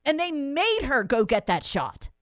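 A woman's voice: sits high, huge pitch swings, a little slow, fairly bright tone, dry recording, studio quality. A woman, hosting and delivering an angry, emphatic monologue full of rhetorical questions. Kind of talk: impassioned monologue.

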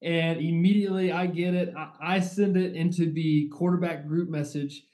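A quarterback co-hosting a casual sports podcast, talking in a measured way with fillers. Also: male voice, a little high, fairly even intonation, dark tone. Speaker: podcast co-host, college quarterback.

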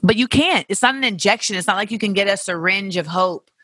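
Podcast host, casual frank chat, profane, playful tangents, bright edgy tone, dry close mic. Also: mid-range voice, fairly quick, breathy edge, dry recording. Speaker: podcast host answering listener questions.

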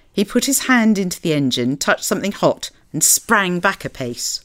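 Low-voiced woman reading a story. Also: animated, normal speed, few pauses, a bit bright. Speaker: radio book show presenter. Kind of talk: reading a novel aloud, then chatting.

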